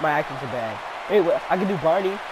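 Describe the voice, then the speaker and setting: A man's voice: fairly high pitch, expressive, quick pace, over a noisy crowd, heavy background noise. A man playing a football video game, chatting casually, trash-talking and laughing often. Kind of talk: casual gameplay commentary.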